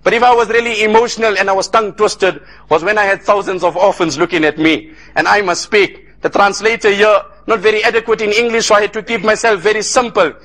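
A man's voice: high voice, fairly even intonation, fast, few pauses, fairly bright tone. A man from South Africa giving an emotional sermon, telling stories in repeated cadences with Arabic phrases mixed in. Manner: impassioned, repetitive cadences, sprinkled with Arabic phrases. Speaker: Islamic lecturer.

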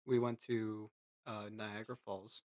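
A man's voice: on the low side, flat delivery, a little slow, a little mellow. Man cutting in with dry quips. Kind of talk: casual podcast chat.

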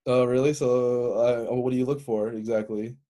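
A man's voice: mid-range voice, steady tone, normal speed, mellow. Teasing man hosting a crude podcast. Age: 30s. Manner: teasing, provocative questions. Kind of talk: casual crude chat.

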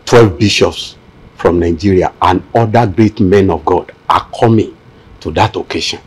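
A man acting as a pompous church leader who waves off his son-in-law's grief. His voice is deep and husky, and his delivery is dismissive and self-important. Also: moderate pace. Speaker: father-in-law, a church leader. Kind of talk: Christian film drama acting.

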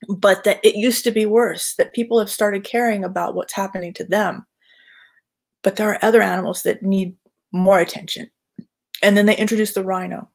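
A woman artist casually chatting on a livestream, rambling with lots of fillers and restarts. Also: lowish voice. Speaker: artist hosting a live chat.

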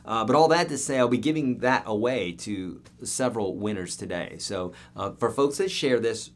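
Male guitar teacher, middle-aged, low-ish voice, casual and upbeat live-lesson delivery. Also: lively intonation, moderate pace. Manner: upbeat, chatty, talks directly to viewers by name. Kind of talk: live-streamed guitar lesson answering viewer questions.

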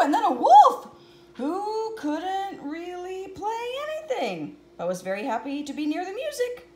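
A woman's voice: extremely high pitch, dark tone, reverberant, slight background noise. Giggly woman reading a picture book. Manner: giggly, with chatty asides between pages.

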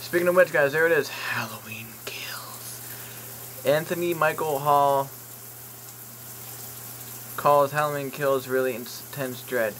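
Male vlogger, slightly higher pitch, bright forceful tone, joking, rambling, swears casually. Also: steady tone, a little fast, few pauses, slight background noise, low-quality recording. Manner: rambling, jokey, swears, reads product listings aloud with asides. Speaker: YouTube vlogger. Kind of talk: casual vlog commentary while browsing online.

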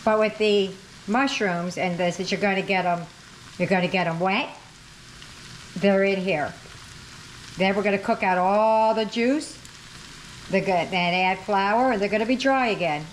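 Cooking at home on camera, a woman chats at a moderate pace in a medium-pitched voice, catching and fixing her own mistakes. Frying and sizzling and slight background noise accompany her.

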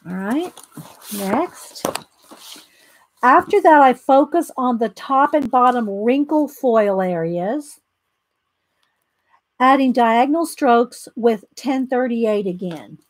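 A woman's voice: on the high side, expressive, slow pace, pauses often, dry recording. A woman with a Southern American accent hosting a casual live coloring tutorial. She chats with viewers, greets them by name and reads steps aloud between her own comments. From Southern United States. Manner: chatty, greets viewers by name, laughs easily. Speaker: coloring demonstration host.

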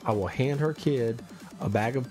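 A man's voice: medium pitch, normal speed, a little mellow, soft background music. A man hosting a casual livestream, ranting and teasing a friend with exaggerated indignation. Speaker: livestream host.

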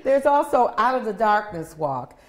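A woman's voice: on the high side, very animated, moderate pace. Cheerful woman reading local events. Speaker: co-host of a county TV live show. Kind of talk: casual live show chat.

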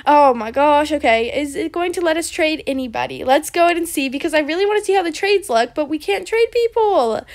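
A young woman chatting excitedly over a video game, with lots of ums and likes as she plays. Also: sits high, fairly quick, few pauses. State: briefly out of breath. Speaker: gaming video host. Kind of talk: casual gameplay commentary.

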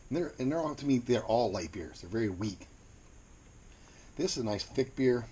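A man with a Mid-Atlantic American accent reviewing beer in a casual video, plain-spoken and unhurried, repeating words as he searches for them. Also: mid-range voice, lively intonation, dark tone, slightly rough.

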